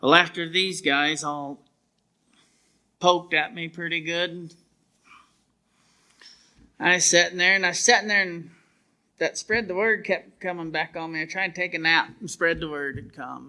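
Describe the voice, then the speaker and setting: With a fairly high pitch and a sharp tone, a man in his 50s from the American Southwest tells his testimony at a church revival, moving at a measured pace with long pauses. He's a preacher and a plainspoken storyteller, folksy and rural in his grammar.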